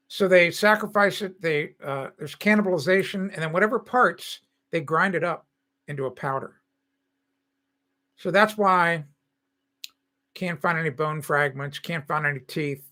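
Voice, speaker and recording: A man's voice: fairly high pitch, sharp tone. A man in his sixties from the United States, hosting a live stream and talking casually in a rambling way while he reads and answers chat comments.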